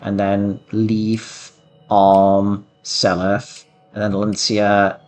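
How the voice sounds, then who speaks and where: A man's voice: lowish voice, monotone, drawn-out words, a little mellow, faint music behind. A man streaming a game, talking in a hesitant, rambling way with many fillers as casual commentary.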